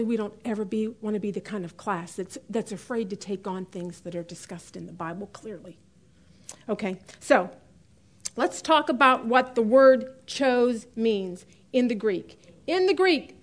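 A woman's voice: mid-range voice, normal speed. A middle-aged woman teaching a women's Bible study class in a chatty way, often laughing and stressing key words.

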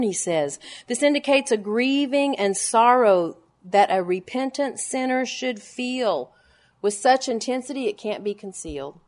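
Preaching to a gathering of women, a Bible teacher in her forties hammers her points home by repeating words emphatically. Then she lowers her voice to hushed, quiet lines.

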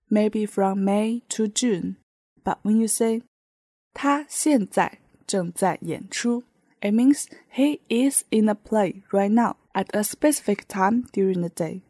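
Slow, mellow-voiced woman teaching. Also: medium pitch, slightly rough, no room sound. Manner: patient, explains with many example sentences. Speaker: language teacher. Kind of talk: podcast language lesson.

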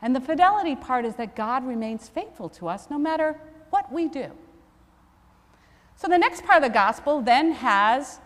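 A woman priest preaches in a relaxed, conversational way and keeps poking fun at herself. Her voice sits a bit higher than most women's. Her words ring out with the long reverb of a church. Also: moderate pace. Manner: conversational, self-deprecating humor. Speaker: Episcopal priest. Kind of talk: sermon with personal storytelling.

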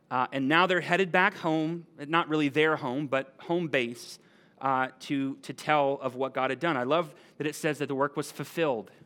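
Pastor, male, lively conversational sermon delivery, slightly high voice. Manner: animated, conversational, asks the room "right?".

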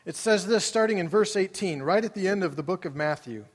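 A man's voice: high voice, lively intonation, a little fast. A man preaching a sermon to a large congregation in a conversational way, often putting questions to the room. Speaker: pastor. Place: large church auditorium. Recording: long hall reverb.

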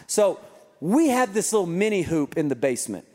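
A man's voice: sits high, very animated, normal speed, darkish tone. A man preaching a sermon, telling a family story with joking asides. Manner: humorous storytelling. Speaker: pastor. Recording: long reverb in a large hall.

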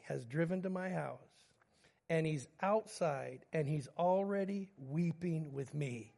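High-voiced man in his fifties preaching. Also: gravelly, a little mellow. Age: 50s. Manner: storytelling, moving between humor and grief. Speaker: pastor. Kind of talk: sermon with personal stories.

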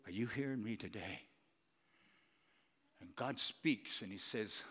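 A male pastor preaching a sermon in a church, animated and conversational, swinging between loud and whispered passages. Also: lowish voice, measured pace, long pauses, husky. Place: church sanctuary. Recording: long church reverb.

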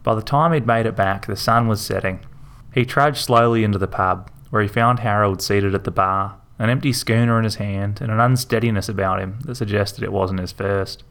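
A man's voice: fairly low pitch, moderate pace, a bit bright. Man narrating a story.

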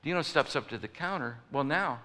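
Speaking a little fast with a sharp, expressive tone at medium pitch, this pastor tells stories during his sermon and acts out the characters' voices. The sound carries the long reverb of a large hall.

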